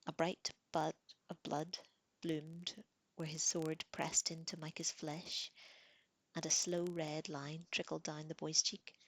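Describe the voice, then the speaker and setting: Seorang perempuan membacakan novel dengan suara lembut dan pelan. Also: female voice, deep voice, level tone, takes it slowly, no room sound. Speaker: reader. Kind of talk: reading a novel aloud.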